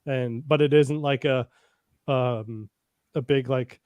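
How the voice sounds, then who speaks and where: A man's voice: medium pitch, steady tone, takes it slowly, no room sound, highs cut off. A man co-hosting a casual review podcast, rambling and swearing freely as he acts out lines from the episode. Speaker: podcast co-host.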